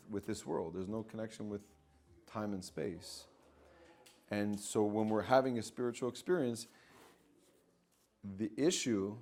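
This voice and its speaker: Animated man teaching spiritual ideas. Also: fairly low pitch, a little hiss or hum. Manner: animated, acts out inner voices, repeats phrases. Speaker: spiritual coach. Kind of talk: teaching talk.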